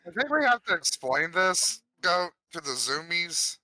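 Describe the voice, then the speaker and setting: A man co-hosting a podcast, dropping absurd deadpan jokes. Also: sits high, a little slow, no room sound, rough recording. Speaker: podcast co-host. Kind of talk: casual comedic chat.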